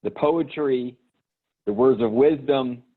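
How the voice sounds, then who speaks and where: A man's voice: mid-range voice, slow, husky. A man hosting a live video call, rambling and hesitant with lots of fillers. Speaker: host. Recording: tinny phone-like line.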